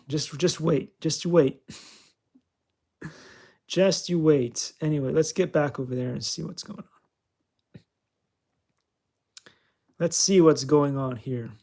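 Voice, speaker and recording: A man talks himself through a flight simulator in a loose, joking way, coaching and teasing himself as he plays. His voice sits a little higher than most men's and carries a gravelly edge. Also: slow pace, long pauses, dark tone. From California. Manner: chatty, self-mocking, talks to himself while playing. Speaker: channel host. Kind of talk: casual gameplay commentary.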